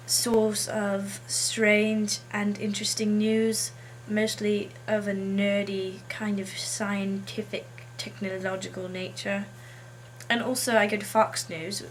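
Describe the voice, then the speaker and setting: A woman vlogs alone in a deliberately put-on English accent, pausing often on ums and uhs. She talks at an unhurried pace with a mid-range voice, and her remarks carry a snarky edge. A faint hiss sits under the recording. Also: mid-range voice. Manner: snarky, hesitant with many fillers. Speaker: vlogger. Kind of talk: casual monologue.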